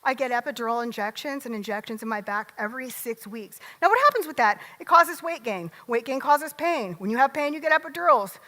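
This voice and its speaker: A middle-aged woman delivers a lively, joking motivational talk from a stage, firing questions out at the crowd. Her voice is high and bright, and it rings out through the long reverb of a large hall. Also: fairly quick, few pauses. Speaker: motivational speaker.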